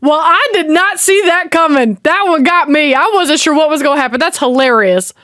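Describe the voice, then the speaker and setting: A woman's voice: high voice, expressive, moderate pace, a bit bright, a little hiss or hum. A woman, chatting casually and talking back at a movie as she reacts to it. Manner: chatty, exclaiming, talks back to the screen. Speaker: reaction video host.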